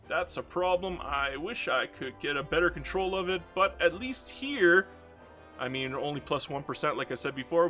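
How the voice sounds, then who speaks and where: Game commentator, man with a regional American accent, forceful and self-mocking, faint music bed. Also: medium pitch. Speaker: video game streamer. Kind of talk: casual gameplay commentary.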